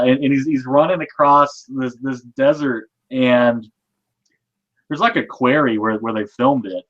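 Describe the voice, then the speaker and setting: A man guest in a casual movie chat, relaxed and chuckling, often repeating words as he goes. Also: medium pitch, muffled recording.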